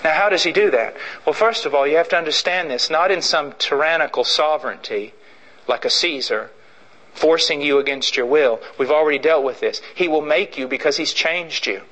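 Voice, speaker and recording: A male preacher delivers a sermon with a high, bright, forceful voice. He hammers his points through repetition and acts out little stories. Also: moderate pace, poor audio. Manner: emphatic and repetitive, acting out stories.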